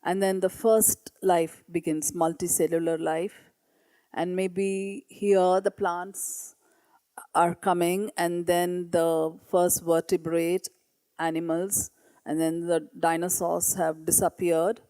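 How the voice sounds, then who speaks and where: A woman's voice: lowish voice, flat delivery, slow pace, mellow, no echo. A woman teacher presenting classroom work at a meeting, earnest and hesitant, reading pupils' writing aloud. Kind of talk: conference presentation. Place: meeting room.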